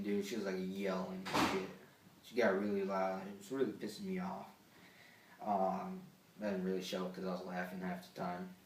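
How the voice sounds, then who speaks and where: Teen boy vlogger, low voice, rambling and swearing, echoey room, off-mic. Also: distant mic, slight background noise. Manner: rambling, heavy swearing, frequent fillers. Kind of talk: casual ranting storytime.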